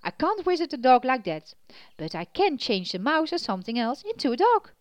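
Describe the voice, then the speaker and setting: A woman's voice: sits high, very animated, fairly quick, no room sound. A woman voicing a kind young witch in a children's storybook who stammers a little. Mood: gentle.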